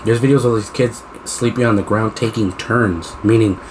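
Lowish-voiced guy cohosting a podcast, swears a lot, gets animated telling stories, bit of faint noise behind. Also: normal speed. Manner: profane, animated storytelling. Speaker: podcast co-host. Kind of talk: casual podcast chat.

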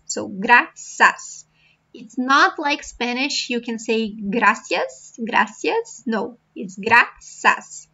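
Woman language teacher, bright tone, slightly dull recording, patient and repetitive. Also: on the high side. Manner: slow, patient, repeats words for practice. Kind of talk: beginner language lesson.

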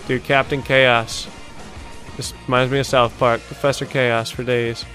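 A young man hosting a video-game montage reaction, talking casually, swearing often and bursting out in excited disbelief. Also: medium pitch, unhurried, faint music behind. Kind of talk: casual gaming reaction commentary.

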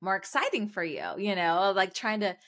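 A woman in her thirties co-hosting a podcast, telling a story in animated casual chat and laughing often. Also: mid-range voice, normal speed. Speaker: podcast co-host.

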